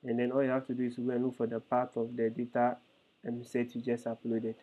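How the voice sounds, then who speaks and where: A man's voice: mid-range voice, completely flat delivery, brisk. A male instructor explaining code step by step in a live online lesson, hesitant with frequent fillers. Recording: tinny phone-like call audio.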